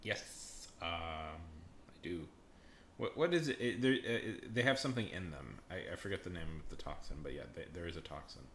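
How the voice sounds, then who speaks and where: A man's voice: low voice, very animated, moderate pace, fairly bright tone, a little hiss or hum. A man chatting casually on a live stream, rambling and joking, often laughing and trailing off mid-thought. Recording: echoey room with faint ambience.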